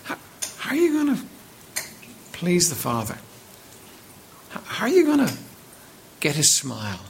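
A man's voice: on the high side, huge pitch swings, a little slow, creaky, a little hiss or hum. A man preaching a sermon as pastor, reading scripture aloud and emphatically repeating words as he builds his points.

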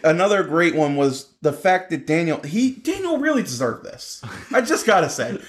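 A man talks casually about wrestling as a co-host, his voice sitting a little high and swinging widely in pitch. He gets animated and jumps into loud, excited exclamations. The room around him is echoey. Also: normal speed. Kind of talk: casual chat.

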